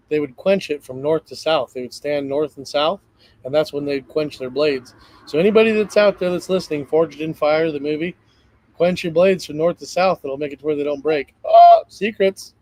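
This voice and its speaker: Energetic man, rambling conspiratorial talk, raised pitch, dry mic. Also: moderate pace, no echo, rough recording. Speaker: host. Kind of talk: casual livestream chat.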